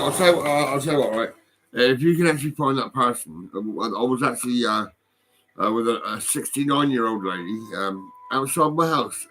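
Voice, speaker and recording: A man's voice: mid-range voice, a bit bright. An older British man with a British accent in an angry, rambling vlog rant, swearing, threatening and mocking someone, recorded on a phone. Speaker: vlogger.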